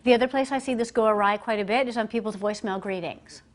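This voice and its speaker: A woman at a middling pitch stands before a roomful of people as a communication coach. Her delivery is lively and chatty, and she slips into quick impressions of the voices she quotes. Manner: animated and conversational, acting out quoted voices. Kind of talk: live business presentation to an audience. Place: presentation room, speaking standing before a group.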